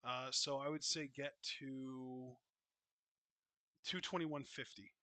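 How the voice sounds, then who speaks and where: Bright-voiced, excitable wrestling co-host man. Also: mid-range voice, no room sound. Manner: excitable, quick reactions. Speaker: co-host of a wrestling reaction show. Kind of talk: casual live commentary chat.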